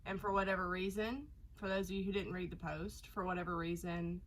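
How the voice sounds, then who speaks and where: A woman's voice: on the low side, flat delivery, brisk, poor audio. A woman doing a casual tarot reading, her voice nasal from a cold, chatty and rambling with lots of fillers. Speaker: tarot reader.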